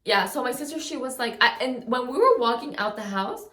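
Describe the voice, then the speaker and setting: Speaking fairly fast in a fairly high, slightly bright voice, a young vlogger animatedly tells the camera a long personal story in casual storytime style. Her telling is rambling and loose, packed with "like" and frequent restarts, with a roomy echo on the recording.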